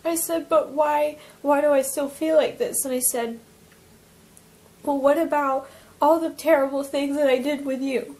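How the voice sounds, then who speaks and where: A young woman from Alaska recounting a personal near-death experience, talking in an emotional, halting way with many fillers and restarts. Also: sits high, steady tone, a little mellow, rough recording. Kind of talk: personal testimony, casual storytelling.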